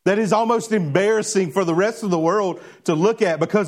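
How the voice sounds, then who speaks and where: A man preaching a sermon to a church congregation, animated and questioning, drawing responses from the crowd. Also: sits high, a little fast. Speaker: pastor. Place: church before a live congregation.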